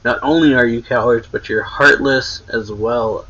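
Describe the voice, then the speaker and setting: A man reading the lines of a cold, contemptuous male military instructor aloud, a little louder and higher than his own talk, with a husky voice on dull lo-fi audio. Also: moderate pace. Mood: scornful.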